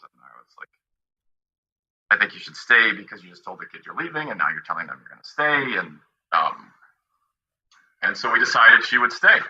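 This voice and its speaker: A low-voiced man with a husky, strained edge, telling his side of a dispute. He halts and restarts, quoting past exchanges. The sound is dull and lo-fi. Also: sharp tone. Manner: halting, quoting past talks. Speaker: party in a dispute. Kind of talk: personal account.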